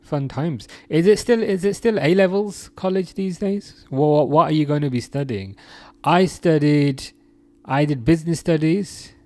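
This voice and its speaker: A man's voice: fairly high pitch, measured pace, a little mellow, no room sound, soft background music. A young man from England hosting a casual live chat, reading out viewer comments, laughing often and restarting his sentences. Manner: chatty, laughs often, many restarts and fillers. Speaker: live stream host.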